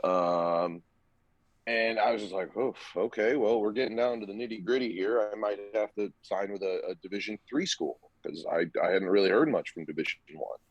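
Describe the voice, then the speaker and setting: A dry, lo-fi recording captures a young man with a somewhat low voice talking at a normal speed. Once a college hockey player, he's an animated storyteller on a casual podcast, acting out what other people said.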